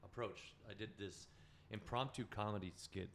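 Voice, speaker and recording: A man's voice: fairly low pitch, steady tone, moderate pace, a bit bright. A man telling stories as a podcast guest in casual chat, rambling, profane and correcting himself as he goes.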